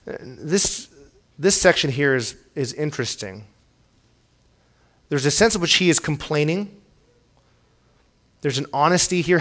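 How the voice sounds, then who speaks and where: A man's voice: fairly high pitch, animated, unhurried, pauses often, fairly bright tone. A pastor giving a sermon in an earnest, searching way, his voice sitting a little above the usual for a man. He stumbles over and repeats small words as he gathers his thoughts, then presses hard when he reads the psalms aloud. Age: young adult or middle-aged, has children. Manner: earnest preaching, rising to pleading when reading scripture; repeats words as he restarts phrases.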